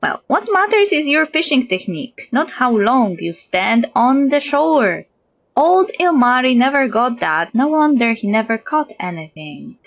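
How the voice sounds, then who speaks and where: A woman reading lines for a boastful male island angler, in a plain, unhurried voice. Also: fairly high pitch, sing-song, vocal fry, muffled recording, full character voice.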